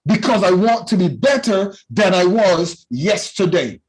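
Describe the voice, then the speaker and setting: A man teaching a youth class in a loud, passionate preaching style, often calling out to his listeners. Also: high voice, lively intonation, measured pace, breathy edge, rough recording. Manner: loud and passionate, with call-and-response phrases.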